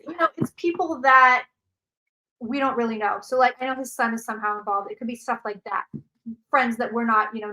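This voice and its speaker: A woman's voice: on the high side, a bit bright, low-quality recording. A woman hosting a casual psychic livestream from home, chatting loosely, repeating herself and answering viewer questions. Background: dog barking.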